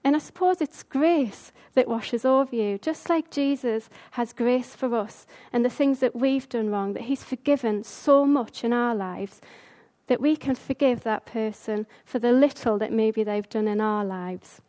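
A woman delivering an informal sermon in a chatty, brisk manner. Her voice sits slightly high, and she stumbles and restarts now and then as she speaks. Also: mellow. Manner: brisk, conversational, with fillers. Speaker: speaker giving a talk.

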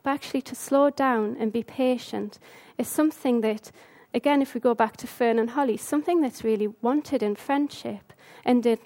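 A woman giving an informal sermon in a brisk, conversational way, with fillers and restarts. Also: a little high, a little mellow. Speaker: speaker giving a talk.

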